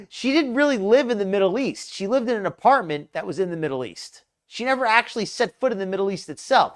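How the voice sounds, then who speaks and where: A live reaction-show host talks over a clip in a mocking, sarcastic tone. The host rambles through long explanations and takes dry jabs along the way. The voice sits at an everyday middle pitch.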